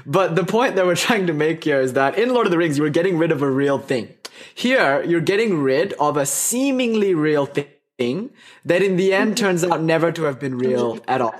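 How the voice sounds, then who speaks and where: A man telling a teaching story in a casual, animated way. He laughs often and drifts off on tangents. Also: fairly high pitch, moderate pace.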